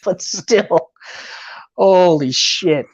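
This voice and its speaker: A woman co-hosting a podcast, chatting excitedly about a movie, swearing often and laughing a lot. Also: lowish voice, drawn-out words, breathy edge. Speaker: podcast co-host. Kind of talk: casual movie review chat. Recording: dull lo-fi audio.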